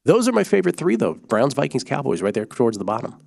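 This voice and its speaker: Lively-voiced man hosting a betting podcast. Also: mid-range voice, vocal fry, no room sound, clean studio sound. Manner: animated, explanatory, quick asides. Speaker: sports betting podcast host. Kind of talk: casual sports betting talk.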